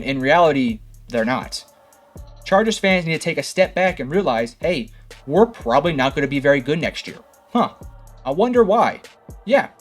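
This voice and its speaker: A young man delivers an opinionated sports analysis monologue with sarcastic bite, throwing rhetorical questions at rival fans. His voice sits a bit high for a man. Faint music plays underneath. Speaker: sports commentary host.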